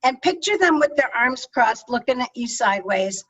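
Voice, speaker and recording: A woman speaking coach giving an energetic, emphatic talk on public speaking over a video call. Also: on the high side, moderate pace, lo-fi sound. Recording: distant-sounding video call audio.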